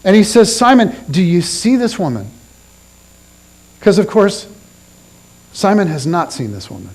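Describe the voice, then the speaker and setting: Animated high-voiced male preacher. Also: a little slow, low-quality recording. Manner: animated storytelling, drops low and soft for quotes. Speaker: pastor. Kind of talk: sermon. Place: church.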